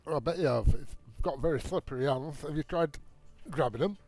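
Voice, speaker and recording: A man's voice: fairly high pitch, a little fast, a little mellow, soft background music. A man playing in a tabletop game, teasing and joking. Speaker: player. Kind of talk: casual chat.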